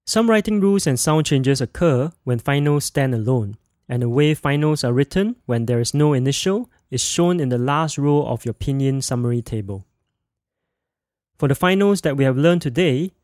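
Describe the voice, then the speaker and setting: Man with a dry, close sound, teaching clearly. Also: medium pitch, a little mellow, no echo. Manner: slow, clear modeling of sounds for repetition. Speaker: language teacher and podcast host. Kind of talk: scripted podcast language lesson.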